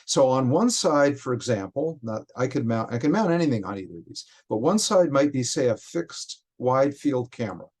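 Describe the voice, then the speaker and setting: A man, a software developer, explains technical details in conversation, often stopping and restarting his phrases. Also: medium pitch, expressive, slightly rough. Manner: halting, frequent restarts while explaining.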